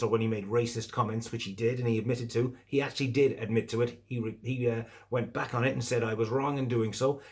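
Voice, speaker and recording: A middle-aged man from the English Midlands with a Midlands accent, ranting angrily about politics with sarcasm and a lot of swearing. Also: mid-range voice. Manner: sarcastic, heavily profane, indignant. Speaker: political commentator. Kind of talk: angry opinion rant.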